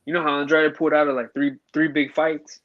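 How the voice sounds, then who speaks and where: A man's voice: on the high side, little pitch movement, a little fast, phone-quality sound. A man co-hosting a casual boxing chat, laid-back, saying "bro" a lot.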